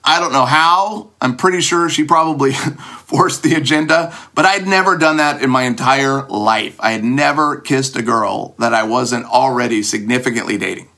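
A man with a bright, forceful voice recounts an embarrassing story about himself. He talks in an animated, self-mocking way and leaps far up in pitch whenever he acts out a line. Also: normal speed. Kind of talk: personal anecdote told to an audience.

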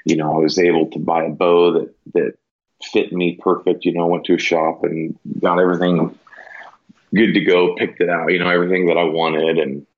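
Man, very low husky voice, rambling casual storyteller, dull lo-fi recording. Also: level tone, normal speed. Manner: rambling, full of "you know" and "like". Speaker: podcast guest, elk hunter. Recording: dull lo-fi sound.

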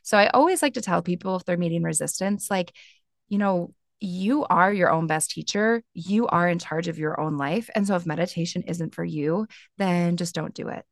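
A woman in her thirties, a meditation teacher, talking gently and reflectively as a podcast guest. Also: on the low side, normal speed, gravelly, no room sound, studio quality. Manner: gentle, reflective, with soft laughs and filler words. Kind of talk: casual podcast conversation.

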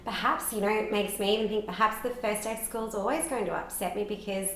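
A woman's voice: medium pitch, steady tone, fast talker, a bit bright. A woman in her thirties, a podcast guest, talking openly and emotionally, with lots of "like" fillers. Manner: frequent "like" fillers, open and emotional. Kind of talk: candid conversational storytelling. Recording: roomy echo with faint background noise.

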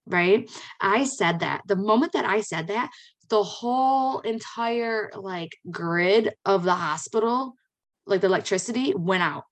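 A woman's voice: mid-range voice, normal speed. Chatty woman telling personal stories. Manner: chatty and animated, with many fillers and excited exclamations. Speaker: podcast host. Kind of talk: personal storytelling.

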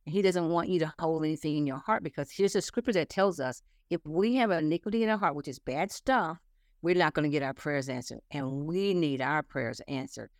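A woman's voice: low voice, brisk, no room sound, studio quality. A woman in her sixties, an interview guest, telling family stories earnestly and acting out the dialogue. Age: 60s. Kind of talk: casual faith-based conversation.

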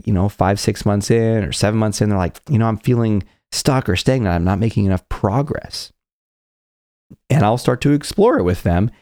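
A man's voice: lowish voice, vocal fry, dark tone, no echo, studio quality. A man giving an earnest motivational talk as a confidence coach, often acting out people's inner voices.

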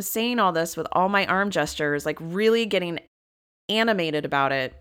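Low-voiced woman telling a candid story. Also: normal speed, clear, resonant tone. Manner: candid, confessional, gets animated retelling moments. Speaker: podcast host. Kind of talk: personal storytelling.

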